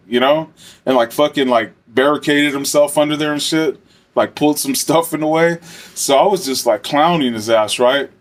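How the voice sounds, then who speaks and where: A man's voice: fairly high pitch, normal speed. A man and former correctional officer telling a casual story, rambling and swearing with lots of fillers. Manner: rambling, profane, many fillers.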